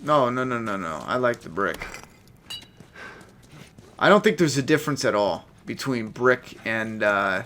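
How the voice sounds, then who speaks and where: A man's voice: medium pitch, lively intonation, unhurried, pauses often, fairly bright tone, a little hiss or hum. A man with a stuffed-up nose giving chatty, profane, laid-back commentary while playing a game. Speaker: gameplay streamer. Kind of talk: casual gameplay commentary.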